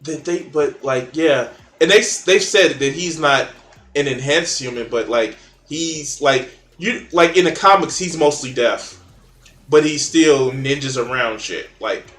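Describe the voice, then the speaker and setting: A man's voice: on the high side, measured pace, fairly bright tone, roomy sound. A man in casual chat, blunt and opinionated, swearing freely while arguing about comics.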